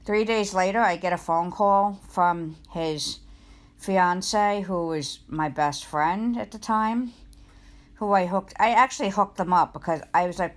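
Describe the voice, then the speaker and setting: A woman's voice: fairly low pitch, unhurried. Emotional woman streamer telling a story. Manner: rambling, emotional, confiding. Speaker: live streamer. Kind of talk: casual storytelling chat.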